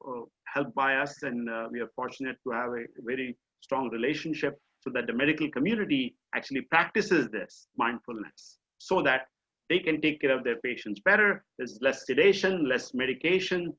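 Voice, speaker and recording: A middle-aged Indian-accented man, a mindfulness coach, teaches an online session from a home or office video call, explaining things conversationally with lots of fillers. His mid-range voice moves at normal speed and sounds pushed and bright. The audio is dull, lo-fi video call sound.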